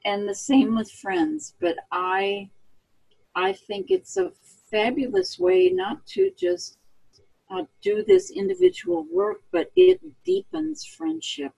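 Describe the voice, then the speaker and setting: Gravelly high-voiced woman. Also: expressive, takes it slowly, mellow, low-quality recording. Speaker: guest, equine therapist. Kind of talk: casual interview chat.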